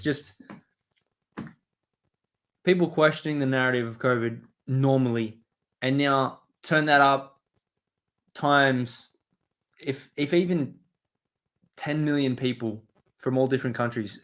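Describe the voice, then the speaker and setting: A man hosting a live stream, rambling and swearing as he reads and answers his chat. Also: medium pitch. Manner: rambling, profane, talks to chat. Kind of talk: casual live-stream commentary.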